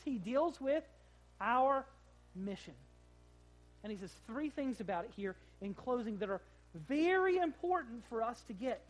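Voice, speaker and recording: A man's voice: very high-pitched, lively intonation, unhurried, pauses often, rough recording. A man preaching a sermon as pastor, plain-spoken and conversational, full of rhetorical questions. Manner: plain-spoken, with casual fillers.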